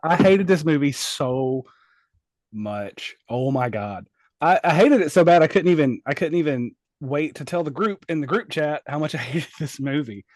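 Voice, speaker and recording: A man's voice: fairly high pitch, lively intonation, normal speed, a little mellow, no room sound. A man co-hosting a podcast, ranting in casual chat about a film he hated, exasperated and profane. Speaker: podcast co-host.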